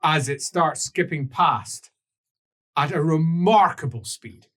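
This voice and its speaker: A man narrating a tabletop role-playing game as game master, in an animated way with laughs and sound effects. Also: a little high, takes it slowly.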